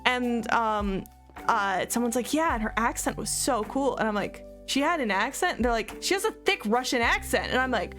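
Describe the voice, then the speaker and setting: A young woman talks casually while she plays, wandering through stories with plenty of fillers and laughs. Her voice sits a little high. Music plays clearly underneath. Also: animated, moderate pace, a bit bright. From United States. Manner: rambling, laughing often, many fillers. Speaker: streamer. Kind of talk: casual chat while gaming. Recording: music playing behind her.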